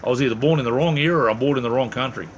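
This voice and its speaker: The middle-aged Australian man hosting this casual stream talks at a racing pace in a mid-range voice, chatting with viewers and reading out their comments. His delivery is loose and jokey, full of rambling and false starts, with some slight background noise.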